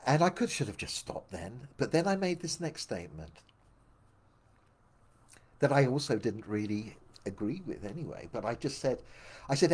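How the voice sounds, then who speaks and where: A man's voice: big pitch swings, normal speed, pauses often, a little mellow, slightly rough. Rambling older male storyteller. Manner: meandering, full of restarts, drops low for asides. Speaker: memoir narrator. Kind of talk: rambling spoken memoir storytelling.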